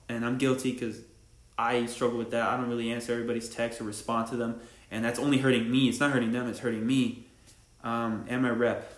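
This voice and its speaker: A young man hosting his own podcast, rambling casually in slang and laughing at himself as he talks about barbering. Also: mid-range voice. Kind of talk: casual solo podcast monologue. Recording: echoey room.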